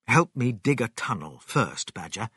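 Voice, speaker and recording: A man's voice: mid-range voice, big pitch swings, measured pace, bright, forceful tone, husky, no echo, clean studio sound, heavily acted. A man doing a bold, eager storybook fox. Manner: eager, emphatic exclaiming. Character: clever bold male fox, family father.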